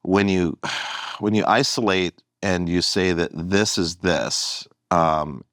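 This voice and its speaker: A man with a very low voice talks casually as a podcast guest, restarting his phrases as he thinks aloud. The sound is dry and close, with no room around him. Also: slow pace, a bit bright, no room sound. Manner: earnest, restarts and trailing phrases. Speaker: comedian guest.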